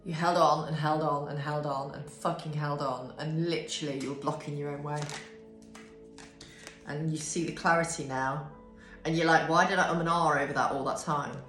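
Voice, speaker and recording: A drowsy woman gives a casual tarot reading to camera from a bright room at home, yawning and swearing freely. Her deep, slightly bright voice stays steady at normal speed, picked up by a camera on a desk with a ring light in an echoey room with faint music.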